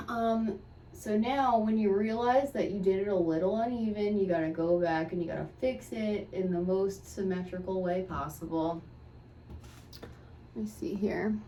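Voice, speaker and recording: A woman's voice: medium pitch, dark tone, distant mic. A woman hosting her podcast while doing her makeup, talking in a casual, rambling way with wry asides. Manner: chatty, offhand, wry asides. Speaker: podcast host. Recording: echoey room, voice away from mic, faint hiss.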